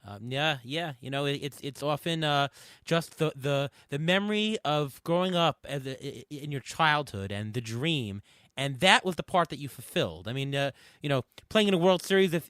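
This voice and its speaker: A male podcast host reacting to a guest's story in a halting way, repeating words. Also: on the high side, fairly bright tone, smooth, no room sound. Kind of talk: casual interview.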